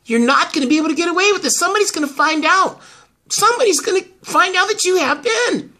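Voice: medium pitch, very animated, moderate pace, fairly bright tone. A performer voicing an indignant woman who keeps accusing her rival, in amateur soap-opera acting. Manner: accusing, exasperated. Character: indignant young woman, protective.

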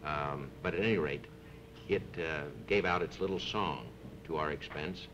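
Very deep-voiced wry man, noisy old tape. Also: moderate pace, muffled recording. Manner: wry, teasing. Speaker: comedian at a press interview. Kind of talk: joking anecdotal chat. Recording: noisy 1960s archive recording with rumble.

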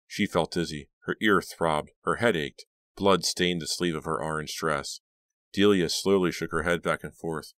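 A man narrating an audiobook in a steady, dramatic reading voice. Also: low-pitched, normal speed, no room sound, clean studio sound. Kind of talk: scripted narration.

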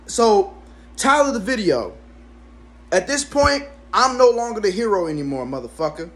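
A young man in his twenties with a high-pitched voice rants through a casual storytime at home. He swears constantly and tells his story in an animated way, leaping into sharp, high exclamations. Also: brisk. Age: 20s. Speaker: vlogger.

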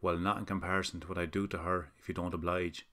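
A man voicing a sly, cruel male hell creature in a horror story reading, with a raspy, dry voice and a mocking croon. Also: sits low, flat delivery, quick pace, bright, forceful tone. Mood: menacing.

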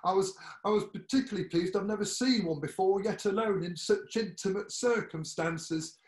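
A man's voice: high-pitched, moderate pace, voice pushed up, close to an everyday voice. A man voicing a fussy male nurse in his forties, an eager birdwatcher who speaks in a prim, gushing, oddly cheerful way. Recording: echoey room.

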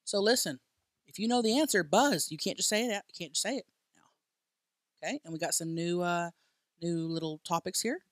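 A woman's voice: lowish voice, moderate pace, pauses often, dry recording. Woman, podcast co-host, casual playful chat, swears, close dry studio sound. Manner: playful, laughing, swears freely.

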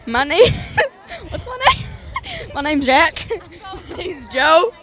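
A woman's voice: extremely high pitch, wildly swooping pitch, very slow, fairly bright tone, a faint crowd. A giggly woman answering questions at an outdoor Halloween parade.

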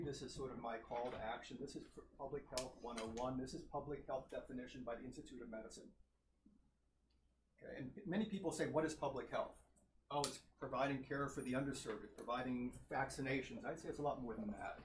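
A man's voice: mid-range voice, a little mellow. A man giving a public health lecture with slides, earnest and emphatic, laying out points one by one. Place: lecture hall. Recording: roomy hall sound, faint noise.

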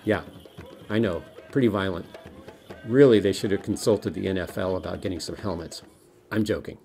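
A lower-pitched middle-aged man from the United States teaches kids a history lesson. He talks in a lively, explaining way and slips in small jokes. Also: normal speed, faint music behind. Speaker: music teacher.

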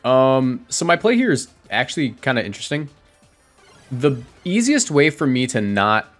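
Chatty male gamer commentating his matches. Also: medium pitch. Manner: chatty, self-correcting, reacts out loud. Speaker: competitive game commentator. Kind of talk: casual gameplay commentary.

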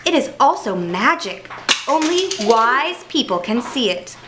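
A woman voicing a sly, smooth-talking male fox tailor in a storybook reading. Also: a little high, very animated, unhurried, background noise. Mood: persuasive.

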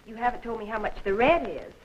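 An actress playing a sweet, eager young newlywed wife in a 1940s film, talking in a gushing, affectionate way. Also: female voice, fairly high pitch, animated, fast, natural voice. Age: young adult. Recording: dull old film soundtrack, faint hiss.

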